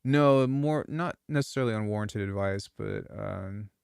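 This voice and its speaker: A man's voice: lowish voice, moderate pace, vocal fry, darkish tone, clear, resonant tone, no echo, studio quality. A man who produces music, chatting casually on a live stream, rambling and swearing freely with lots of restarts. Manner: rambling, profane, frequent restarts.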